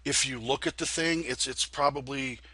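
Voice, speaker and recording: A congested man talks through a computer tutorial in a loose, folksy ramble, often restarting his sentences. His voice is husky and bright, with a hoarse edge. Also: medium pitch, fairly even intonation, moderate pace, dry recording. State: congested from a sinus infection. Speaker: flight sim video host. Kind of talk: casual tutorial talk.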